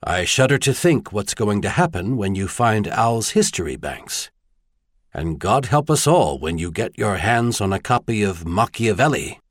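A man's voice: fairly low pitch, animated, unhurried, no room sound, studio quality. A man voicing a tall, kindly advisor in an audiobook, earnest and lightly wry. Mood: teasing.

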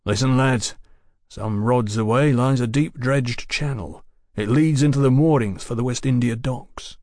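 Calm worldly guide, as a male narrator reads him, measured, unhurried, dry close voice. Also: mid-range voice, no echo, lightly acted. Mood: explaining.

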